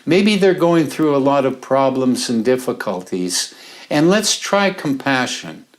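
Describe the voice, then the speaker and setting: A man giving a reflective talk, calm and unhurried, acting out a dialogue with his own mind and often trailing into halting repeats. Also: medium pitch. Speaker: speaker on mindset.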